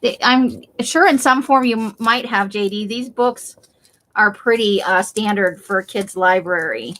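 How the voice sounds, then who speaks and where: A woman's voice: mid-range voice, a little slow, a bit bright. A woman streamer chatting casually with her viewers, teasing them by name and joking about herself. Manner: chatty and self-deprecating, talks to viewers by name. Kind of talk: casual livestream chat.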